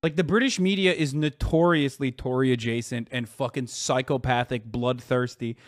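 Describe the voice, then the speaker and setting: A man hosting a live stream, giving excitable, profane reaction commentary. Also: medium pitch, moderate pace, no echo, studio quality.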